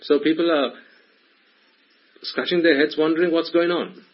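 A man's voice: fairly high pitch, moderate pace, husky, muffled recording. A man giving a Buddhist teaching to a small group, questioning his listeners in a playful, probing way. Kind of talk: Dhamma talk to a small group.

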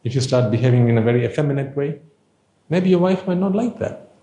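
A man's voice: mid-range voice, lively intonation, fast talker, dark tone, roomy sound. A man giving an informal Buddhist dharma talk, conversational and playful, full of rhetorical questions. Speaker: Buddhist teacher.

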